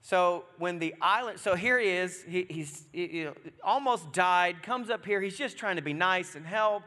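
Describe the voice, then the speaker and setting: A man preaching a sermon in a chatty, joking way, acting out the story with sudden loud exclamations. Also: sits high, moderate pace. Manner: animated, jokey, acts out scenes with loud exclamations. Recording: long reverb of a large hall.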